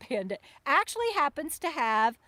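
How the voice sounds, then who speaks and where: A high-voiced woman chats casually through a livestream, stumbling over fillers and restarts. Her voice sounds close and dry despite being outdoors by a lake. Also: very animated, no echo. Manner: chatty, halting with many fillers and restarts; soft baby talk to her dog. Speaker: RV vlogger hosting a livestream. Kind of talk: casual live-stream chat. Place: outdoors at a lakeside campsite.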